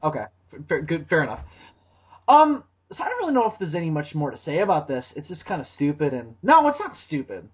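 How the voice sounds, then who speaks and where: A man's voice: on the high side, huge pitch swings, fast talker, breathy edge. A man co-hosting a podcast in casual comedic chat, joking, laughing often and swearing. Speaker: podcast co-host. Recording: dull lo-fi sound.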